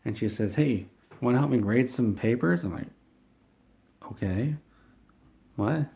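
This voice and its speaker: A man telling a rambling, deadpan comedic story, meandering and halting with frequent restarts. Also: medium pitch, gravelly, highs cut off.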